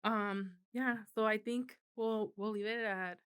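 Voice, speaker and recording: A woman's voice: mid-range voice, steady tone, unhurried, a bit bright, smooth. A woman in her thirties co-hosting a podcast, chatting casually, laughing often and swearing freely. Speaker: podcast co-host. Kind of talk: casual chat.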